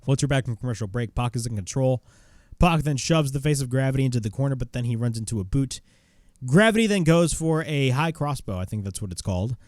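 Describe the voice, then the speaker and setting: A man's voice: mid-range voice, expressive, fast talker, darkish tone, no echo, clean studio sound. A man reviewing a wrestling show in casual chat, recapping moves play by play and swearing bluntly.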